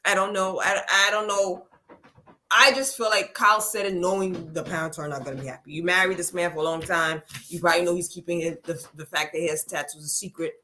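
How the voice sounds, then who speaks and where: A woman with a slightly low voice gives blunt, dismissive takes while recapping a reality show. Her talk is casual and opinionated. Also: fairly even intonation, a little fast, sharp tone, slight background noise. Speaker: podcast co-host.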